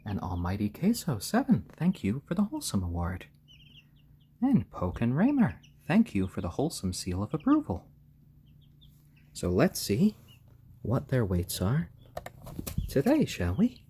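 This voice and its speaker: A man hosting a casual live stream, gently soothing and hushing his baby chicks and thanking viewers. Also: medium pitch, huge pitch swings, unhurried, pauses often, a little hiss or hum. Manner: reads out viewer names and thanks them.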